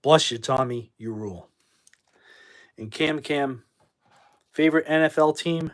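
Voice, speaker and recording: A livestream host from New England, speaking in a slightly high voice at a slightly slow pace, rambles casually through the stream. He answers viewer comments and bluntly kicks out trolls.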